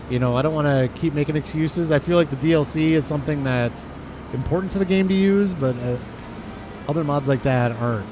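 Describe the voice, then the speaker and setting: A man's voice: fairly high pitch, brisk, noisy background. A man casually commentating his farming game on a live stream, reading chat and rambling through asides. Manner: chatty, reads chat aloud, rambling asides.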